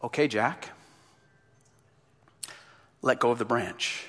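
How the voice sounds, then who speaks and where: A man putting on a calm, low voice of God. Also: normal speed, long reverb tail. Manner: low, quiet and steady. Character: calm male voice of God from above.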